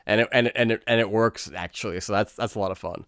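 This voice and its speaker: A man giving a casual, profane movie review, animated and sarcastic, with frequent swearing and mocking quoted reactions. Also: lowish voice, fast, clear, resonant tone, dry recording, clean studio sound. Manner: animated, sarcastic, swears freely, mocks scenes in put-on quotes.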